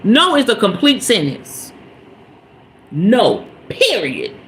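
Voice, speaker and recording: A woman's voice: mid-range voice, huge pitch swings, slow, fairly bright tone, rough recording. A woman hosting a spiritual podcast, giving an emphatic, preachy motivational talk straight to her listeners.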